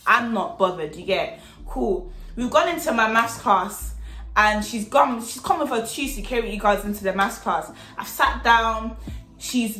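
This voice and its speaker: A young woman telling a storytime vlog in an animated, slangy, chatty way. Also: on the high side, moderate pace, echoey room, faint music behind. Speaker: vlogger.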